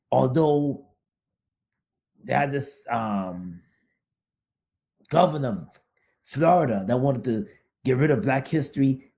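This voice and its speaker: A man's voice: medium pitch, mellow. A man co-hosting a casual talk show, talking emphatically and repeating phrases for stress. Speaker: podcast co-host. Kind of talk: casual chat.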